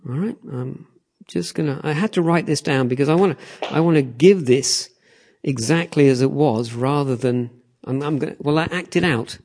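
A man's voice: a little high, moderate pace. A man preaching animatedly, often checking in with the audience. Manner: animated, repeats "okay? all right?" to the audience. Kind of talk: sermon.

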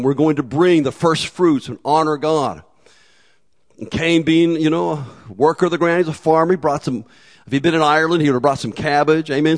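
A man preaching a sermon in a relaxed, conversational way, with humor and acted asides. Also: a little high. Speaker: pastor.

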